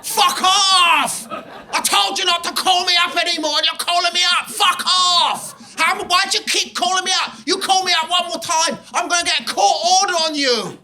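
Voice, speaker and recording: A man's voice: extremely high pitch, normal speed, pitched above the performer's own voice, exaggerated voice. A man voicing a furious woman who screams abuse into her phone. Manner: shrieking, shouting abuse.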